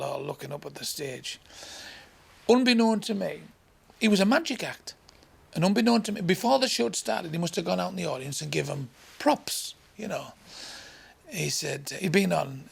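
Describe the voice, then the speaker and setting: A man's voice: a little high, animated, normal speed. A man from England doing crude, swearing stand-up storytelling, acting out voices and sounds along the way. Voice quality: gravelly. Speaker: stand-up comedian.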